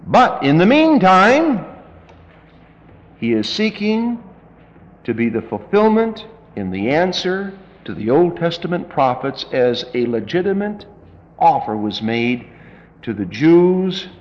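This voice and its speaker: A man's voice: medium pitch, very animated, takes it slowly, muffled recording. A male pastor preaching a sermon in a folksy, emphatic and dramatic way, in a reverberant church hall.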